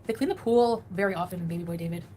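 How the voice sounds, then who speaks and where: Woman, livestreamer, rapid casual chatter, self-mocking, faint background music. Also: on the low side, dark tone. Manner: chatty, rambling, laughs at herself. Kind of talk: casual chat with viewers.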